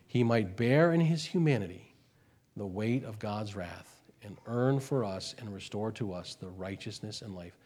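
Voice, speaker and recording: A male pastor delivers a sermon at an unhurried pace in a medium-pitched voice. He repeats phrases for emphasis and swings from hushed lows to loud, drawn-out highs on key words.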